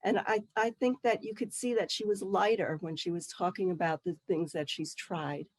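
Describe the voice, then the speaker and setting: A woman facilitating a spiritual workshop, reflecting back what a participant shared and explaining the listening exercise calmly. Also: lowish voice, normal speed, no room sound. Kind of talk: teaching through role-play.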